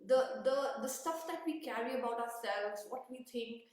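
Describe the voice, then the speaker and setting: A woman's voice: fairly high pitch, moderate pace. A woman from India, a photographer, telling a story in casual chat with many restarts and asides. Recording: echoey room, distant mic.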